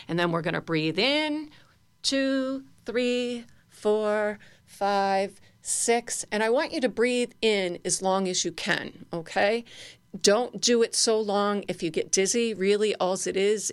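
A woman's voice: on the low side, gravelly, no room sound. Playful woman leading laughter exercises. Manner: playful, leads exercises with chants and fake laughs. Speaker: laughter yoga instructor. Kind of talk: guided exercise class.

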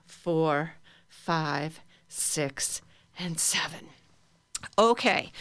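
A woman's voice: on the low side, a bit bright, clear, resonant tone, dry recording. Upbeat woman leading a laughter class. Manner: upbeat, coaxing, playful. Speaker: laughter yoga leader. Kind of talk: guided laughter exercise.

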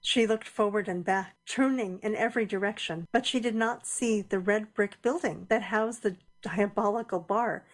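Woman narrating a radio drama. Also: medium pitch. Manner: measured, deliberate storytelling. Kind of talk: scripted audio-drama narration.

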